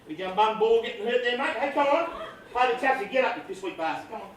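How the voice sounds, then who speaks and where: A man's voice: very high-pitched, lively intonation, quick pace. A man playing a cheeky, rowdy cricket fan who swears and laughs a lot. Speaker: cricket fan sneaking into a match. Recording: roomy distant film audio with noise.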